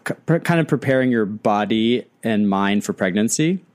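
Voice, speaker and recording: A man's voice: on the low side, lively intonation, moderate pace, a little mellow. A man hosting a casual chat, asking curious, probing questions.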